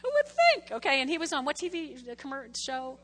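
A woman delivers a casual, conversational sermon, her voice high and bright. She keeps checking in with the congregation as she goes. The sound rings with a long church-hall reverb. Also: very animated, fairly quick. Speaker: preacher.

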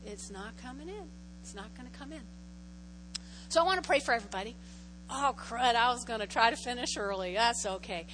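A woman pastor giving a conversational sermon in a church, often checking in with "okay?", and moving from loud prayer to a soft invitation. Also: on the high side, animated, a little fast, a little hiss or hum, low-quality recording. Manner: conversational, repeats phrases, frequent "okay?" check-ins. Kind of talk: sermon with altar call.

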